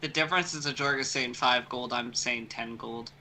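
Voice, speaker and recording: A man's voice: mid-range voice, steady tone, normal speed, bright, forceful tone, a little hiss or hum. A man playing a tabletop game, argumentative and teasing. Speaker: player. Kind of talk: casual tabletop play.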